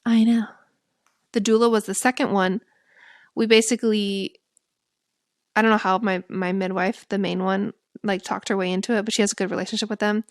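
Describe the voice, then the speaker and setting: A young woman, a podcast co-host, candidly recounting a personal story and acting out her own past lines in lively bursts. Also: mid-range voice, fairly quick, dry recording, studio quality. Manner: lively, candid, quotes herself in animated bursts.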